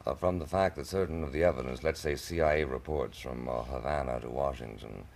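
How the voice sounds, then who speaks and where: A man's voice: very deep voice, brisk, gravelly, darkish tone, slight background noise. A man hosting a televised debate, speaking in ornate, hesitant sentences with frequent stammered restarts.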